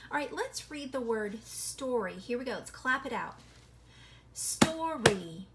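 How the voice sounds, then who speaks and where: Woman teacher talking to little kids about syllables, slightly high voice, stretches words out, keeps going "right?". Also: expressive, very noisy. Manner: encouraging, sounds out words slowly and clearly; asks the class frequent tag questions. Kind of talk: recorded reading lesson for children.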